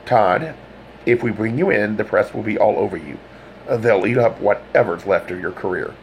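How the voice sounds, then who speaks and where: A man's voice: on the low side, moderate pace, slight background noise, close to an everyday voice, rough recording. A man playing a blunt, cold cop. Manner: blunt, controlled. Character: cold, insistent male police detective.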